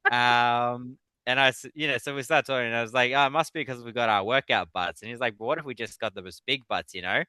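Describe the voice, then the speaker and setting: A man, a guest author in a casual interview, telling animated stories and laughing often. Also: medium pitch, fast, hardly any pauses, clean tone, no echo. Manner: animated storyteller.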